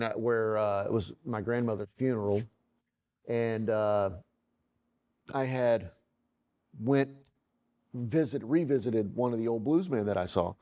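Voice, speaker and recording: A man's voice: on the low side, a little mellow. A man, an illustrator, telling a rambling story and acting out the quoted dialogue in it. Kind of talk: casual anecdotal storytelling.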